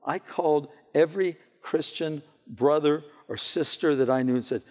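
A man preaching a sermon to a church gathering, telling stories in an animated way and often repeating his words as he goes. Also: fairly high pitch, normal speed. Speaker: pastor. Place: church hall. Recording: long hall reverb.

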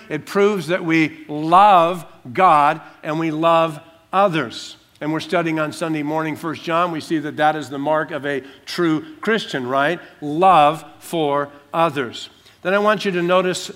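A man preaching an expository sermon as pastor, emphatic, slowing down to stress key words. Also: on the high side, a bit bright.

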